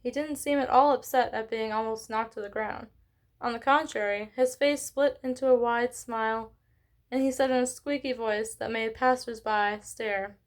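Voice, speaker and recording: A woman reading a children's novel aloud in an expressive way, with small slips and self-corrections. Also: on the high side, normal speed. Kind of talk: read-along book narration.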